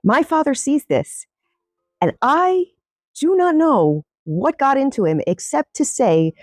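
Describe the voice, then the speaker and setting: Animated woman telling a wry story. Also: high voice, slow pace, no room sound. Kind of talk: storytime narration.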